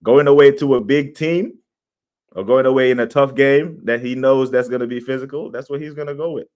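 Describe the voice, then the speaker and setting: A young man hosting a casual football livestream, opinionated and animated, reacting to chat. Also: mid-range voice, fairly quick. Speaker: football podcast host.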